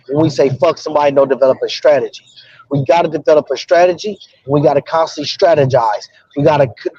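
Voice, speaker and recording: Guy pressing a point slowly, dark husky voice, muffled lo-fi audio. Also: fairly high pitch, dry recording. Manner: deliberate, insistent. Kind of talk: earnest casual discussion.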